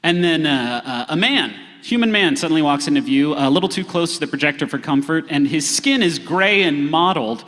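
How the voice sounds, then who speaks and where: A man's voice: fairly high pitch, lively intonation, a little fast, few pauses, fairly bright tone. A man running a tabletop game as game master before a live audience, narrating hesitantly with many fillers. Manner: hesitant, lots of uh fillers, playful. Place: large theater stage. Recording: live theater stage reverb.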